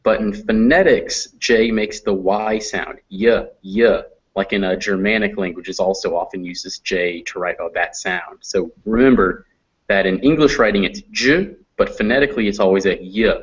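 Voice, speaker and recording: An American man teaching phonetics in a classroom lecture, slowly drawing out example sounds. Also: fairly low pitch, slightly rough. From United States. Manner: slow, drawn-out demonstration of sounds. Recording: dull lo-fi classroom recording.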